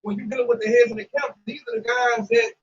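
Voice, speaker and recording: A man laying out scripture to friends in a blunt, preachy way, with swearing mixed in. His voice runs high and swoops around. The recording is distant and dull, with faint noise behind him. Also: big pitch swings, quick pace, vocal fry. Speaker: Hebrew Israelite member discussing scripture. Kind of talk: casual religious discussion.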